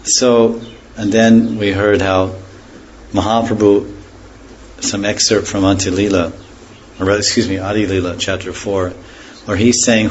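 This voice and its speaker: A man giving a scripture class, speaking in an unhurried, reflective way, pausing to explain terms and letting phrases trail off softly. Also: lowish voice, little pitch movement, muffled recording, a little hiss or hum. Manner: pauses to explain words and terms. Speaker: spiritual teacher.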